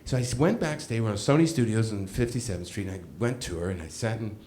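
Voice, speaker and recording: A man's voice: on the low side, fast talker, slight background noise. A middle-aged man telling a funny personal story on stage, self-mocking and acting out the other people's lines. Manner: animated, self-mocking, acts out quoted voices. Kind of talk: live comedic storytelling.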